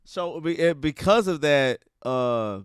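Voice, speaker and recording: A man co-hosting a comedy podcast, giving slow, drawn-out reactions and laughing a lot. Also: a little high, animated, clean tone, dry recording, studio quality. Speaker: podcast co-host. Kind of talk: casual comedic banter.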